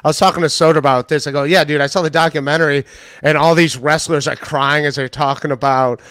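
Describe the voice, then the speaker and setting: Comedian guest, man, pitched a bit high, storyteller who plays out quotes, dry close mic. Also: fairly even intonation, fast talker, a bit bright, dry recording. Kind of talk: casual podcast chat.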